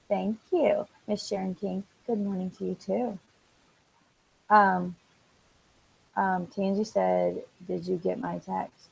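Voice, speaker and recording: A woman hosting a casual live stream, chatting excitedly with viewers, reading out their comments and filling pauses with ums and restarts. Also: medium pitch, vocal fry, husky, poor audio. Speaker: livestream host.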